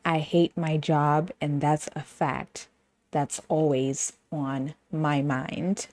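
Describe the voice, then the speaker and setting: A woman's voice: deep voice, little pitch movement, slow, a little mellow. A woman with a British accent hosting a podcast, chatting casually and playfully, laughing often and breaking into sing-song bits. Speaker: podcast host. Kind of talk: casual chat.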